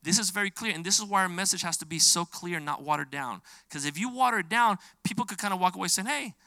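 Bright-voiced man preaching a sermon. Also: high-pitched, quick pace, no room sound. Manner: earnest, rising to emphatic when quoting scripture. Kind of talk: sermon teaching on scripture.

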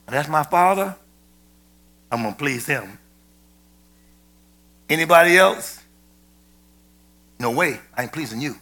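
Man, sermon, emphatic, loud peaks and quiet asides, high voice, sharp tone. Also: animated, measured pace, long pauses. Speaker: preacher.

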